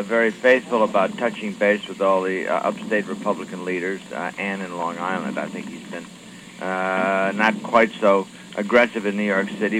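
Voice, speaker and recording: A man, a congressman, answering questions from radio reporters in a halting way, with many fillers and restarts. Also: on the low side, background noise. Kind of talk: radio call-in interview.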